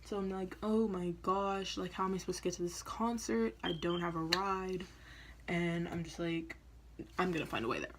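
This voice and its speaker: A woman's voice: on the low side, normal speed, background noise. A young woman vlogger telling a story in a casual, chatty way, often laughing and acting out what people said. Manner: chatty, laughing, acts out quoted lines.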